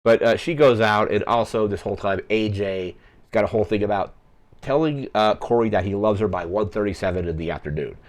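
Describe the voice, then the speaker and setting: Deep-voiced man rambling through a film recap. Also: fairly quick. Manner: rambling, heavy use of "like" fillers. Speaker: podcast host.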